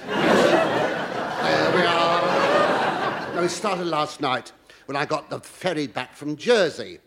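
A man's voice: fairly high pitch, huge pitch swings, takes it slowly, vocal fry, fairly bright tone. A man doing a camp, theatrical, mock-indignant stand-up comedy monologue on a TV studio stage. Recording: noisy old broadcast recording.

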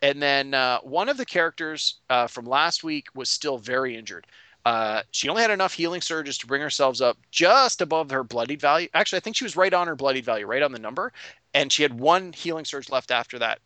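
A man recaps his tabletop game as game master in lively, casual storytelling. His voice is bright and forceful at a middle pitch. The recording is close and dry. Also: a little fast, clean tone, no echo. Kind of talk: casual podcast chat.

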